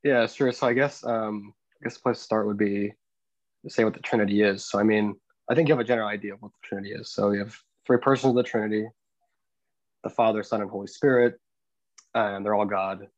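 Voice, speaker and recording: A young man talks through ideas on a podcast, stopping and restarting often as he searches for words. His voice sits fairly low. The sound is dull and lo-fi, with a dry, close feel. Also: steady tone, dry recording. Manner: hesitant, many restarts and fillers, explaining slowly. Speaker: podcast co-host. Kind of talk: casual podcast chat.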